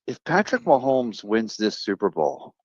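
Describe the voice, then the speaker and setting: A man's voice: mid-range voice, sing-song, a little slow, darkish tone, no echo, lo-fi sound. A man speaking as a guest on a sports talk stream, telling long, rambling stories in an upbeat way.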